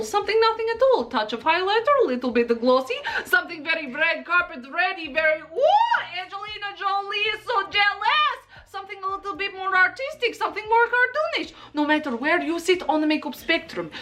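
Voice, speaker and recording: High-pitched, excitable young female makeup vlogger with a bubbly, self-praising delivery. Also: brisk, few pauses. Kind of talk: makeup tutorial chat.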